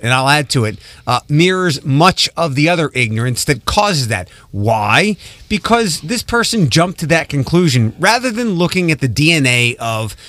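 An earnest male radio host whose voice sits a little higher than average. He speaks in a measured way, and the sound is dry and close, with no room echo. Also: a bit bright. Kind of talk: casual radio chat.

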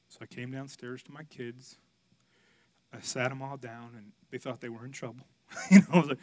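A male pastor preaching a sermon, telling a candid personal story, swinging from loud outbursts to hushed, quiet passages. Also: medium pitch, a little fast.

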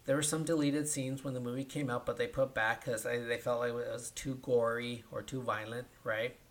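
A man's voice: medium pitch, flat delivery, normal speed. Man, podcast co-host, casual movie recap, acts out lines, keeps checking "right?". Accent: Californian.

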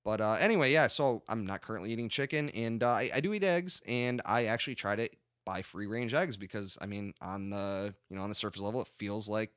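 A man hosting a casual podcast, ranting with lots of swearing and animated asides. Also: on the low side, a little fast, hardly any pauses, clean tone, dry recording, studio quality. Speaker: podcast host.

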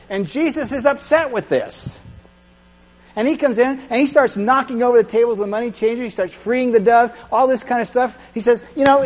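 A man's voice: high-pitched, big-room sound, rough recording. A man giving a conversational sermon as pastor, acting out crowd voices and often checking in with his listeners.

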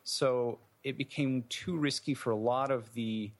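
A man's voice: mid-range voice, fairly even intonation, a little slow. A man, an indie game developer, answering interview questions in a thoughtful, meandering way with many fillers and restarts.

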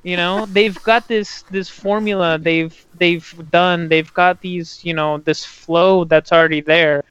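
A man's voice: high-pitched, steady tone, measured pace, a bit bright, smooth, no room sound. A man co-hosting a casual podcast chat, blunt and fond of swearing, with many fillers. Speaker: podcast co-host.

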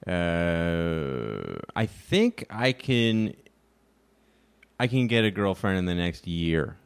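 A man's voice: low-pitched, very animated, takes it slowly, clean tone. Joking self-deprecating man in his forties. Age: 40s. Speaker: comedian guest. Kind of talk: casual podcast chat.

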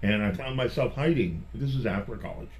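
A middle-aged man, a magician guest, telling personal stories in a chatty, animated way and often restarting his phrases. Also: mid-range voice, brisk. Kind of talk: personal storytelling in conversation.

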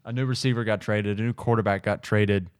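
A man's voice: fairly low pitch, steady tone, brisk, clear, resonant tone, no room sound, clean studio sound. A man hosting a podcast in casual chat, laughing easily and rambling a bit. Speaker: podcast host.

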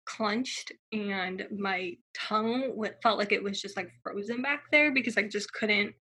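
A woman's voice: medium pitch, unhurried, sharp tone, breathy edge. A young woman telling her personal story in a casual, chatty way, full of fillers and acted-out quotes.

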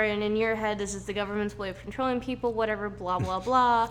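A woman's voice: mid-range voice, steady tone, fast, a bit bright, slight background noise. A woman co-hosting a casual podcast, telling stories in a joking, self-mocking way and swearing casually. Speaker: podcast co-host.

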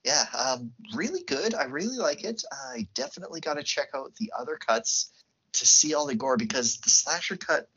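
Bright, husky podcast co-host. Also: medium pitch, normal speed, muffled recording. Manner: laughs often, relaxed plot recap. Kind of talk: casual chat recapping a film plot.

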